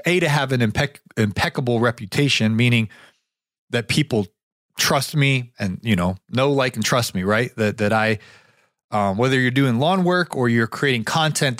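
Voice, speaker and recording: A podcast host tells a rambling story into a podcast mic, full of restarts and fillers, while getting over a sore throat with a cough drop in his mouth. His voice is medium-pitched and a bit bright, and the studio sound is clean with no room sound.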